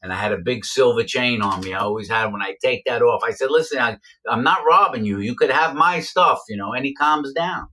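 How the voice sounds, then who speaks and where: A man casually recounting his own past, rambling with lots of fillers and repeating himself. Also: fairly quick. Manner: acts out quoted voices with sharp pitch jumps. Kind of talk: casual first-person storytelling.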